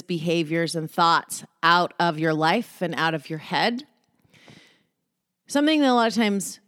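A woman's voice: lowish voice, fairly bright tone, no echo, clean studio sound. A woman hosting a casual self-help monologue, candid and joking, with profane asides.

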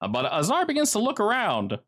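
A man's voice: sits high, huge pitch swings, a little fast, fairly bright tone. A man running a tabletop game as game master, telling the scenes in a casual, vivid way with many fillers.

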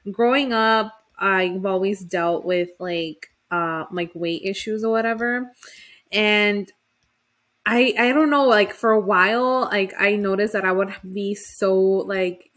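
A young woman co-hosting a podcast tells personal stories in a frank, heated way, swearing as she goes. Her pitch sits in the middle range for a woman. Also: a bit bright. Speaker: podcast co-host. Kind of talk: casual podcast chat.

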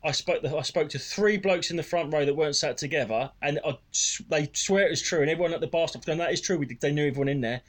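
A man, a comedian co-hosting a podcast, telling sweary anecdotes in an animated, casual way. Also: on the high side, fast, few pauses. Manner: animated, sweary storytelling, slipping into others' voices.

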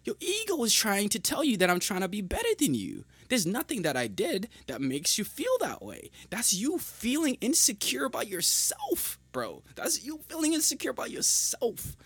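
A young man hosting a podcast, talking in a heated, emphatic monologue with a husky voice, repeating points and swearing often. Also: sits high, wildly swooping pitch, normal speed, few pauses, fairly bright tone, no echo. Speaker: podcast host.

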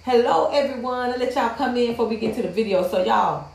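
Blunt, fired-up woman with a high voice. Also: quick pace, gravelly, darkish tone. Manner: blunt, profane, heated and emphatic. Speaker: livestream host. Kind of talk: casual livestream rant. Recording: roomy echo.

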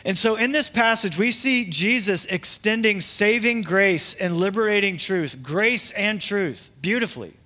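A man's voice: high voice, unhurried, few pauses, sharp tone. A man pastor preaching a sermon in a conversational way, with asides and restarts.

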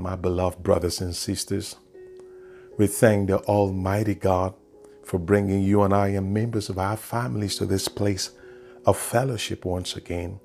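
A man's voice: low voice, vocal fry, darkish tone. A man preaching a sermon as pastor, leading prayer and building to emphatic bursts.

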